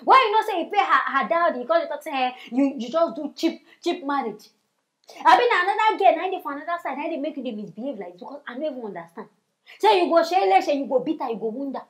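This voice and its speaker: A woman with a Nigerian accent hosting a comedy news show, giving mocking, animated commentary and addressing her viewers directly. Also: high voice, quick pace. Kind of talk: commentary in Pidgin.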